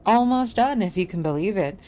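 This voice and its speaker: A woman voicing a sheepish young mechanic who apologizes briskly while fixing wiring. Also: mid-range voice, lively intonation, mellow, slight background noise, pitched above the performer's own voice, close to an everyday voice.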